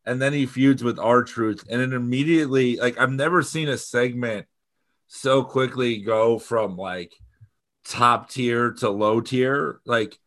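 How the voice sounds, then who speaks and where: A man's voice: medium pitch, measured pace, fairly bright tone. A man co-hosting a podcast, talking in long rambling runs with casual swearing and frequent laughter. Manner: rambling, profane, laughs often. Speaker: podcast co-host.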